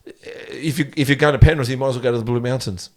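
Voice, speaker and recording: A man's voice: mid-range voice, steady tone, fast talker. A middle-aged man, hosting a casual podcast interview in a chatty, joking way. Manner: chatty, joking, retells scenes with quoted voices. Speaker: podcast host.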